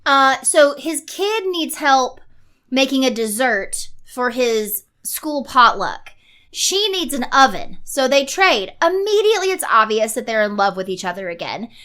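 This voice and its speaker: A woman co-hosting a casual movie review podcast, recapping plots quickly with laughing asides. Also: high voice, sing-song, bright, forceful tone. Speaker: podcast co-host.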